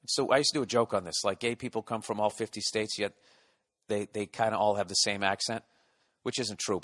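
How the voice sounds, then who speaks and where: A man in his forties with a Boston accent, telling a rambling, profane comic story as a podcast host. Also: medium pitch. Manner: profane, animated, jumps between tangents.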